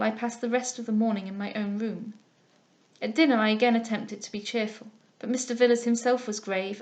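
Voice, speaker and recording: A woman narrating a classic novel in a measured, even storytelling manner. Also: a little high. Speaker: audiobook reader.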